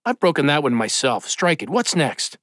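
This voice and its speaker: A man's voice: on the high side, big pitch swings, normal speed, a bit bright, no echo, clean studio sound. Man voicing a folksy, irreverent god. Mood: offhand. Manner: casual, dismissive, irreverent. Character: blunt folksy male deity, easily bored.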